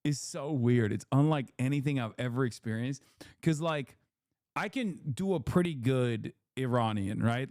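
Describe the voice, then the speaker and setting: A man's voice: medium pitch, normal speed, a little mellow, no echo, studio quality. A man streaming live, reacting to clips with profane, laughing asides. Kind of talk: live commentary.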